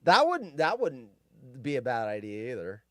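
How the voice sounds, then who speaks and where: A man's voice: medium pitch, huge pitch swings, moderate pace, no echo, clean studio sound. A man hosting a casual live stream, grumpy and profane, ranting and rambling.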